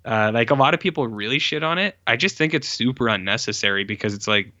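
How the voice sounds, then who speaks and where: A man in casual podcast chat reviewing a film, rambling along with many fillers and quick self-corrections. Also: medium pitch, lively intonation, sharp tone, no echo, lo-fi sound. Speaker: podcast co-host reviewing films.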